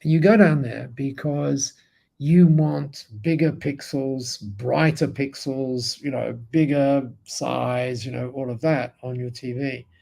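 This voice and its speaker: A man quoting a gentle Japanese woman. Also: medium pitch, steady tone, vocal fry. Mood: explaining. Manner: gentle, halting simple English. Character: gentle Japanese woman entrepreneur, soft-spoken, earnest.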